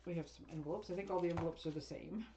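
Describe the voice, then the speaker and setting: A woman's voice: on the low side, very fast, warm tone, slight background noise. A woman craft demonstrator chatting casually as she unboxes and sorts a paper craft kit, rambling and often laughing.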